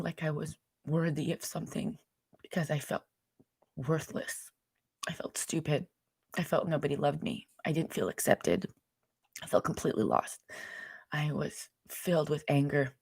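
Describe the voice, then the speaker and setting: A woman's voice: low voice, creaky, a little mellow, husky, no echo, studio quality. A young woman, host of her own show, giving a candid and emotional personal testimony, rambling along with many fillers.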